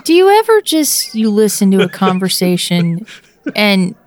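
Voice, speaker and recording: Slow, playful woman podcast host. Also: medium pitch, very animated, a little hiss or hum. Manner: playful, laughs often. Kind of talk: casual chat.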